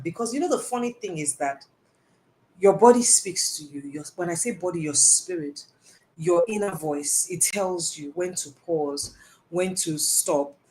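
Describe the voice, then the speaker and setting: A woman's voice: fairly low pitch, a little hiss or hum. A woman giving a live talk, answering audience questions in an earnest, emphatic way and repeating phrases for stress. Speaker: personal development speaker.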